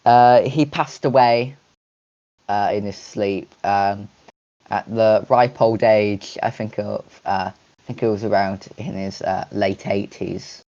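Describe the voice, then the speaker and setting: A man co-hosting a casual podcast, talking in a halting way with frequent pauses and restarts. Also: lowish voice, fairly even intonation, warm tone, lo-fi sound. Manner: halting, many fillers and restarts. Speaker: podcast co-host.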